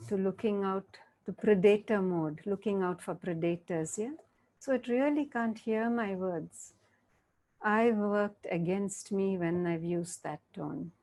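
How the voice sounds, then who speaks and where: A woman giving a reflective interactive talk, speaking gently and often checking in with her listeners. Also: mid-range voice. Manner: slow, gentle, checks in with "yeah?".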